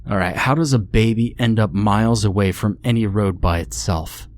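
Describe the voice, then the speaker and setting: A man's voice: fairly low pitch, moderate pace, slight background noise, lightly acted. A man voicing a nervous young male camper who speaks with a shaky, frightened voice.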